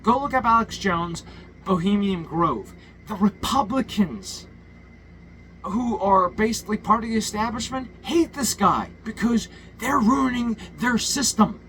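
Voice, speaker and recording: A man's voice: high voice, animated, measured pace, a bit bright, slight background noise, poor audio. A man ranting a political monologue, profane and heated, full of stumbles and restarts. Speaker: political commentator.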